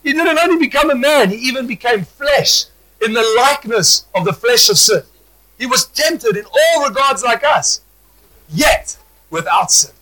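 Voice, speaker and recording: A man preaching a sermon, animated, stumbling over restarts and rising to shouts. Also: very high-pitched, moderate pace, rough recording.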